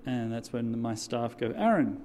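A man's voice: mid-range voice, moderate pace, background noise. A man who serves as a church deacon, telling a story in a sermon and drawing answers from his listeners. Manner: animated, call-and-response with audience.

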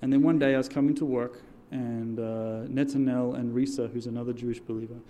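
A man's voice: medium pitch, brisk, a little hiss or hum. A man who serves as a church deacon, telling a story in a sermon and drawing answers from his listeners. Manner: animated, call-and-response with audience.

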